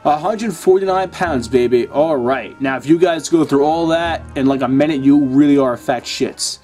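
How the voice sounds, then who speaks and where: A young man talks through a video game in loose, casual commentary, ranting and swearing whenever things go wrong. His voice sits a little high for a man. Soft background music plays beneath him. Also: moderate pace. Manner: profane, exasperated ranting. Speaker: let's play gamer.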